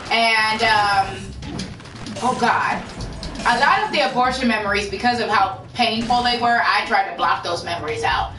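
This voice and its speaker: A woman's voice: a little high, animated, moderate pace. A woman streamer telling personal stories to her live chat in a candid way, swearing freely. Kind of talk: casual storytelling to a live chat. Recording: roomy sound from a distant mic. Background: faint music.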